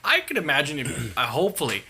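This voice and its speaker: A man's voice: fairly high pitch, huge pitch swings, quick pace, bright, forceful tone, a little hiss or hum. A man in casual podcast chat, retelling a story with enthusiasm.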